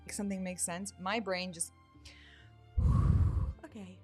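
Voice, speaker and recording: A woman's voice: lowish voice, fairly even intonation, slow pace, warm tone, faint music behind. A woman hosting a livestream, reacting to clips with emphatic, exasperated commentary. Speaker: livestream host.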